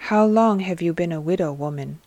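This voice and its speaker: A woman voicing a compassionate male teacher who speaks gently and firmly to the poor. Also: a little high, no room sound, lightly acted. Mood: gentle. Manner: gentle, measured, firm.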